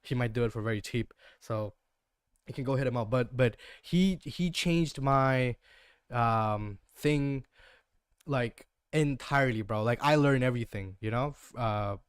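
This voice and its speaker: A man's voice: medium pitch, unhurried, smooth, dry recording, studio quality. A young man from Northeast India with an Indian English accent, chatting casually and slangily as a livestream trading host. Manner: slangy, relaxed, keeps saying "bro".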